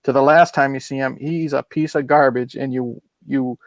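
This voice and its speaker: A man's voice: mid-range voice, fairly even intonation, moderate pace, no room sound. A man on a casual film podcast giving loose, opinionated takes full of fillers. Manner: loose, opinionated, lots of "you know". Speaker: podcast panelist.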